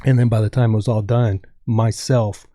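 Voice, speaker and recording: A man's voice: fairly low pitch, fairly even intonation, normal speed, mellow, dry recording. A man from Texas telling a rambling story as a podcast guest, dropping "dude" often. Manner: rambling, says dude a lot. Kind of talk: casual storytelling.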